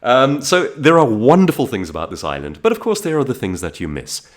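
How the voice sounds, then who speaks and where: A South African vlogger speaks to camera in a casual monologue, telling stories in his South African accent with lots of restarts. His male voice is mid-range and brisk, his storytelling animated.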